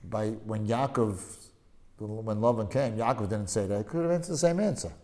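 A man leading a casual religious study discussion, telling stories in an emphatic, animated way, often repeating himself for stress. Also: fairly low pitch, normal speed.

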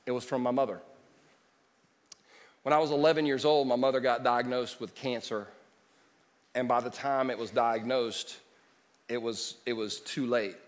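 A man preaching a sermon, moving between loud declarations and quiet storytelling. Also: medium pitch. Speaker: pastor. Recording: long hall reverb.

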